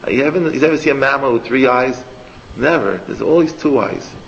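A man teaching a Torah class as a rabbi, animated and rambling, sprinkling Hebrew and Yiddish words into his talk. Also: mid-range voice, a little fast, vocal fry. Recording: long hall echo, dull lo-fi, faint noise.

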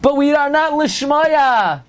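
A man's voice: very high voice, animated, slow pace. A man giving a Torah lecture who tells stories and speaks emphatically, putting rhetorical questions to his listeners and mixing Hebrew and Yiddish terms into his English. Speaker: rabbi teaching Torah.

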